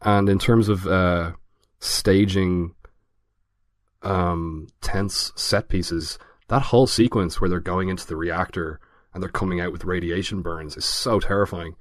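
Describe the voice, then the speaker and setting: A man's voice: sits low, fairly even intonation, a little slow, no room sound, studio quality. A man co-hosting a casual film review podcast, talking hesitantly with many fillers and restarts. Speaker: podcast co-host.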